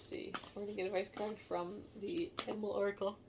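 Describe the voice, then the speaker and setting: A woman giving a casual tarot reading to camera, halting and emotional, sighing and musing aloud. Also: medium pitch, fairly even intonation, noisy background. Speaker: tarot reader.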